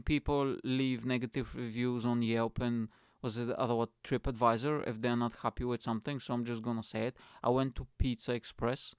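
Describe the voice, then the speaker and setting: A young man rants on his comedy podcast, profane and animated. His voice is smooth and resonant at a middle pitch. It is recorded dry and close at home. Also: no echo. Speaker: podcast host. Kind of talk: ranting comedy monologue.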